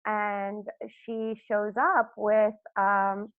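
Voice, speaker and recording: A woman's voice: medium pitch, little pitch movement, extremely slow, clear, resonant tone, no echo. A woman hosting a podcast interview in casual chat, gushing and rambling with lots of fillers. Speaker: podcast host. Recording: dry, tinny phone-like line.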